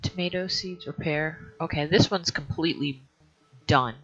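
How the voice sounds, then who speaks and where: A woman's voice: low-pitched, normal speed, fairly bright tone, husky. A woman hosting a let's play, thinking aloud in a hesitant way and often trailing off mid-sentence. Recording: dull lo-fi recording.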